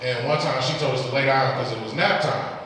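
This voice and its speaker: Speaking a little fast in a medium-pitched, somewhat bright voice, a young Detroit comedian with a local accent tells rambling stand-up stories, slipping into exasperated quoted voices. The live club set is captured from a distance in an echoey hall, with slight hiss or hum and laughter from the audience.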